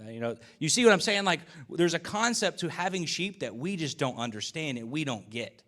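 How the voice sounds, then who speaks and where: A man's voice: on the high side, animated, brisk, few pauses, a bit bright. A man preaching a conversational sermon as pastor, telling stories in a casual, folksy way with asides and acted-out dialogue. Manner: uses y'all and folksy speech.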